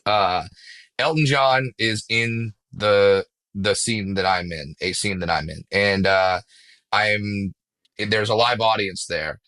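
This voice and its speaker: Bright-voiced excitable male comedian. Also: lowish voice. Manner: excitable storyteller, swears freely, quick self-deprecating jokes. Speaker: comedian guest. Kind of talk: casual podcast interview.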